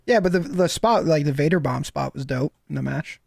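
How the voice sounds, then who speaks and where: A man on a podcast, voice a touch high and lively, recorded dry with no room sound. He chimes in with brief, agreeing comments. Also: brisk, vocal fry, no echo. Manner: short agreeing remarks. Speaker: podcast co-host. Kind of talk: casual podcast chat.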